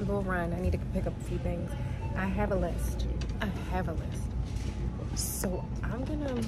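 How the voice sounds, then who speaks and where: A woman and mom of three vlogging casually to her viewers, chatty and animated, laughing often, filming on a phone from her car and out shopping. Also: on the low side, moderate pace, over loud music, rough recording. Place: in a car, later inside a large store. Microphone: phone on a car mount.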